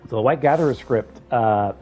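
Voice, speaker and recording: A man's voice: medium pitch, a little fast, dark tone, faint music behind. A man streaming a video game, chatting casually and thinking aloud as he rambles through it. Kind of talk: casual gameplay commentary.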